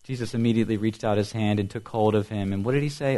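A man preaching a sermon as pastor, building to loud emphasis and dropping to soft, quiet lines, often repeating and asking questions. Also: fairly low pitch, fast. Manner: dynamic preaching, swings from loud emphasis to soft near-whispers.

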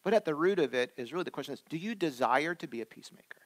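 Animated male pastor preaching. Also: fairly high pitch, racing. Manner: animated and conversational, swinging from loud emphasis to soft asides. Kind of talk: sermon.

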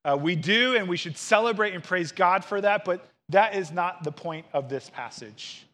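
Male pastor, 30s, high-pitched voice, earnest and expressive sermon delivery. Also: moderate pace. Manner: earnest, expressive preaching with acted quotes.

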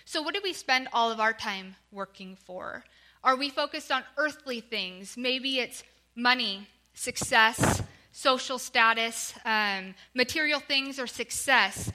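A young woman preaches a sermon with a bright, high, clear voice. She speaks earnestly, pleading with her listeners and slowing down on the words she wants to land. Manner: earnest, pleading, slows for emphasis. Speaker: guest speaker.

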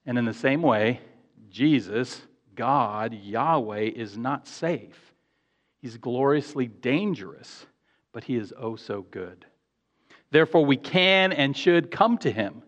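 A man's voice: medium pitch, expressive, takes it slowly, a bit bright. A man preaching a sermon in an earnest, emphatic way, repeating phrases for stress. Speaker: pastor. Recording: echoey hall, dull lo-fi sound.

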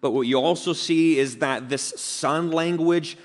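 A man's voice: on the high side, measured pace. A man preaching an earnest, emphatic expository sermon as pastor. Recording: long reverb of a large hall.

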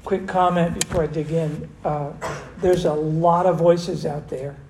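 An older man preaching a conversational sermon as pastor, animated and full of restarts. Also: fairly high pitch, measured pace, vocal fry. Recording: echoey room with faint noise.

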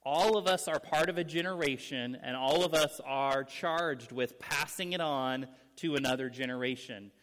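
A man delivers an earnest teaching sermon, his fairly high voice carrying through a church sanctuary. A long reverb trails each phrase as he explains and stresses key words. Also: fairly bright tone. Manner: earnest, explanatory, speeds up and slows down for emphasis. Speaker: pastor. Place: church sanctuary with young people present.

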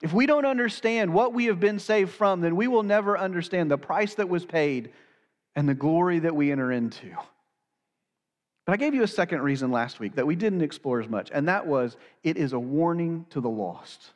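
A pastor gives an earnest sermon in a high, clear voice with lively intonation, slowing down to weigh his key phrases. The sound carries the long reverb of a large hall.

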